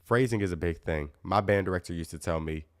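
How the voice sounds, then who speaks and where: Very deep-voiced, relaxed guitar teacher. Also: male voice, fast, dry recording, studio quality. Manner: relaxed, chatty, reads out viewer comments. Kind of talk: casual live Q&A stream.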